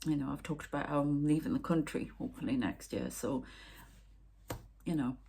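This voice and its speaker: Husky, low-pitched emotional woman medium. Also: moderate pace, dark tone. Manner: rambling and emotional, often dropping to a near whisper. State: emotional, upset. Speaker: spiritual medium and channel host. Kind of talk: casual spiritual vlog talk.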